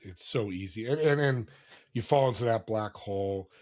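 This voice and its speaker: A man's voice: lowish voice, moderate pace, darkish tone. Earnest man telling stories as a guest. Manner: earnest storytelling, acts out quoted voices. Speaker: podcast guest. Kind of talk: casual interview talk.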